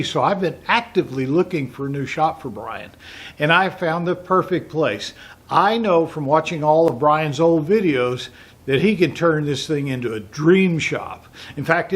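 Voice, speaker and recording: A middle-aged man with a Texas accent, hosting a vlog and jokingly pitching a run-down warehouse as a workshop. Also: slightly rough. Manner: teasing, mock sales pitch. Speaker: woodworking channel host.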